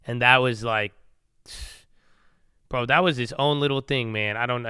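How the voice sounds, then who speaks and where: A young man talks loosely about trades in a rambling, slang-heavy way, tossing in "bro" and "man." His voice is bright and very crisp, and it sits close to the mic in a dry space. He sounds like a regular streamer chatting through his session. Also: mid-range voice, steady tone, moderate pace, dry recording. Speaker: stock trading livestreamer. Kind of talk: casual trading chat.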